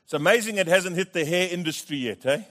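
A middle-aged pastor preaching with lively humour. He repeats words as he builds his points and keeps checking in with "Amen?" His voice sits fairly high. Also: fast. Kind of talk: sermon with comic storytelling.

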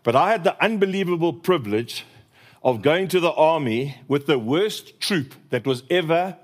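A South African man preaching a sermon, telling stories in a lively way. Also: fairly high pitch, moderate pace. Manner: lively storytelling with laughter.

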